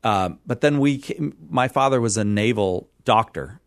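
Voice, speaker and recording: A man's voice: on the low side, no echo, clean studio sound. Laughing, rambling middle-aged man. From California. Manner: rambling, self-deprecating, quick to laugh. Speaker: radio guest. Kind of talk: casual interview chat.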